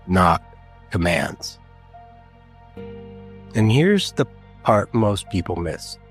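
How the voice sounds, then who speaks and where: A man hosting a podcast, talking in a calm, measured, gentle way in a scripted solo talk. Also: medium pitch. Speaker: podcast host, therapist.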